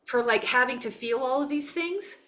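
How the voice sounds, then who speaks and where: A woman, a psychic doing casual readings on a live call, animated, folksy and quick to laugh. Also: high-pitched. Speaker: psychic guest.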